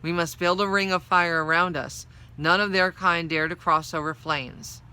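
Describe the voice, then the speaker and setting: A woman's voice: on the low side, steady tone, moderate pace, bright, forceful tone, clean tone. A woman reading the part of a grown male traveler who guards the children, speaking firmly with warnings. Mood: grave. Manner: firm, warning. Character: stern protective male traveler, grown man.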